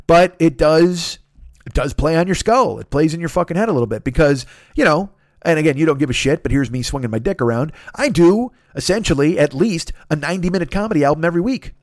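A man's voice: fairly high pitch, lively intonation, fast talker, no echo, clean studio sound. A middle-aged man hosting a solo podcast, rambling and profane, with self-deprecating asides. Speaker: podcast host.

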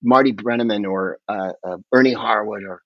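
A man telling long, rambling, animated stories in casual chat as a podcast guest, often swearing along the way. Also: on the low side, normal speed, dry recording, muffled recording. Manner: rambling, animated, profane storyteller.

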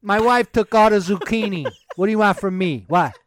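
A man putting on a flustered old Frenchman who stammers loud, defensive excuses. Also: high voice, brisk, no echo, lightly acted. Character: flustered old Frenchman with an object stuck in him.

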